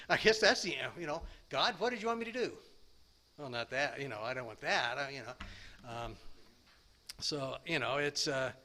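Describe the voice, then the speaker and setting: A man in his sixties sharing his recovery story at a meeting, rambling and self-deprecating, with halting restarts. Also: mid-range voice, bright, forceful tone. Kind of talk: personal recovery share.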